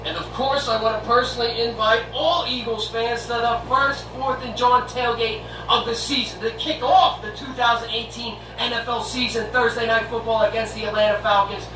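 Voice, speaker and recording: A man's voice: very high voice, fairly even intonation, moderate pace, hardly any pauses. A brash man, rants sarcastically at rival fans. He sounds far from the mic in a roomy space, and a noisy background runs under him. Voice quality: mocking and brash. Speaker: fan show host. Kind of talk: sarcastic comedic rant. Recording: roomy distant noisy video recording.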